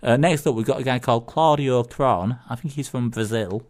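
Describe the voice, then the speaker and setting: A man's voice: mid-range voice, normal speed, a little mellow. A man from England with a Northern English accent, co-hosting a community radio show and telling jokes in a rambling, hesitant way. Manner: rambling, hesitant, full of fillers. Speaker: radio co-host.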